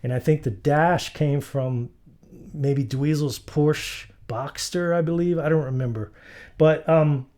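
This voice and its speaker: Relaxed rambling male guitarist host. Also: on the high side, slow pace. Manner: relaxed, rambling, many fillers. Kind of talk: casual storytelling.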